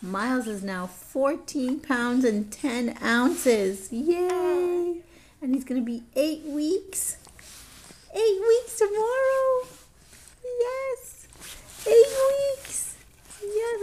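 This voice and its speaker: A woman with a high, mellow voice coos at her baby in playful baby talk. She draws her words out slowly, in a sing-song lilt. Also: expressive. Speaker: mother.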